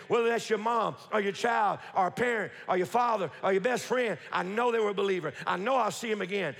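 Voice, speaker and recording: A man's voice: sits high, a bit bright. A man preaching a sermon in a church, emphatic and repetitive, firing rhetorical questions and leading the congregation to repeat lines after him. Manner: emphatic, repetitive, leads the congregation in call-and-response; quick rhetorical questions and restarts. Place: church sanctuary. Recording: reverberant church hall.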